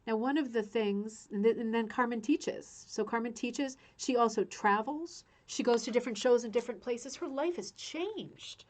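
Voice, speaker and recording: A woman's voice: fairly high pitch, normal speed, hardly any pauses. A woman hosting a casual craft-club video, talking through a book in a chatty, heartfelt way with many restarts. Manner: chatty, emotional, restarts often. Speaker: rug hooking club host.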